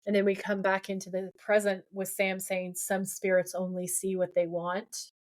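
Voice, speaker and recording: A woman's voice: mid-range voice, moderate pace. Woman animatedly recapping a TV episode. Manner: animated retelling, quoting dialogue and ranting. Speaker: podcast co-host. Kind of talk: casual chat recapping an episode.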